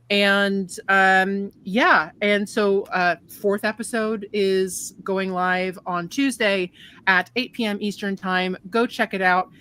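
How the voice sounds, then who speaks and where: A woman's voice: medium pitch, fairly bright tone. A woman hosting as game master, chatting casually with restarts and swearing. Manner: laid-back, swears casually, rambling with restarts. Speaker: game master and show host. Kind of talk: casual chat.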